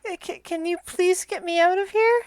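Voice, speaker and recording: A woman's voice: extremely high pitch, moderate pace, a little mellow, dry recording, pitched above the performer's own voice. A woman voicing a small frightened caged flying monkey that pleads in short broken phrases. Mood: pleading.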